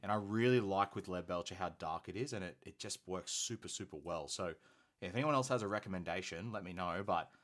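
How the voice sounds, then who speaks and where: A man's voice: sits low, brisk, fairly bright tone. An Australian man hosting a hobby painting stream, chatting casually and enthusiastically with plenty of fillers. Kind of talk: casual live-stream chat while painting.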